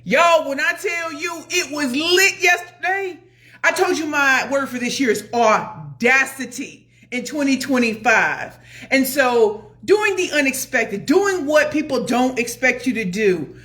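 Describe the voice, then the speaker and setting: A woman in her forties telling a story in a casual vlog, calling her viewers "y'all" and swinging from loud excitement to a hushed, confiding tone. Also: sits high, measured pace. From New York area. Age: 40s. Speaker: motivational speaker and vlogger. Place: home.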